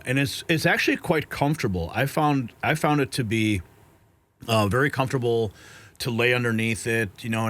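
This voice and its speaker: A man hosting an interview, earnest and emotional, often pausing and restarting. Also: medium pitch, a bit bright. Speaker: show host. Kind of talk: interview conversation.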